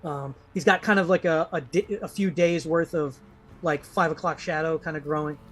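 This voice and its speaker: A man running a live tabletop game talks through the action in loose, filler-packed sentences. His voice has a husky, breathy edge. Light music plays underneath. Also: fairly high pitch, fairly even intonation, normal speed. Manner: filler-heavy, rambling, descriptive. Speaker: game master.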